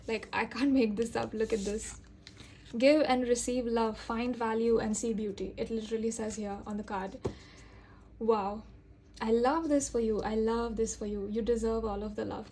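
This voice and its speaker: A woman talks softly through a tarot reading, her fairly high voice staying level and even as she reassures her listener. Her manner is earnest and gentle, full of little fillers. A faint hiss sits under the recording. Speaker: tarot reader. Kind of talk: intuitive tarot reading to camera.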